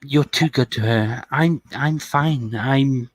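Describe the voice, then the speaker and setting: A man voices a romantic male lover, gentle and a little teasing. His voice sits at an ordinary middle pitch. The sound is dry, with no room around it. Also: slow, no echo. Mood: affectionate. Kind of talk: tabletop role-play over a call.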